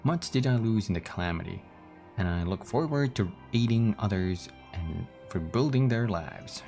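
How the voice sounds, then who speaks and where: Man voicing a low, gravelly, formal noble captain. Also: animated, normal speed, mellow, soft background music. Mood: stately. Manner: stately, formal phrasing.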